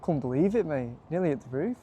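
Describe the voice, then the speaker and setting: A young man with a Lancashire accent, vlogging to camera on a handheld camera, chatty and excitable and calling the viewer mate. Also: on the high side, quick pace, slight background noise. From North West England. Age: young adult. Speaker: vlogger pitching to bars. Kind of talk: casual vlog to camera.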